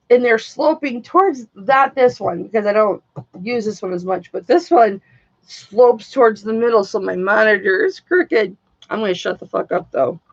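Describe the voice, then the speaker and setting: Woman, live-stream seller; chatty, excitable, casual swearing; slightly high voice, dry lo-fi sound. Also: slightly rough, dry recording.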